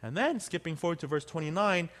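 A man with a high voice preaches a sermon in an easygoing, conversational manner. He talks like a pastor chatting with his congregation. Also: animated, fast talker, fairly bright tone. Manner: conversational, acts out quotes in other voices.

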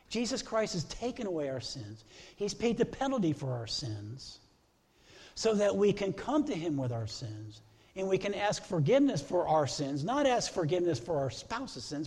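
A middle-aged male pastor delivers a sermon in an earnest, list-building cadence. His voice sits a bit high for a man, with a mellow, dark tone and a husky edge. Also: very animated, normal speed. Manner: earnest, repeats phrases in preaching lists.

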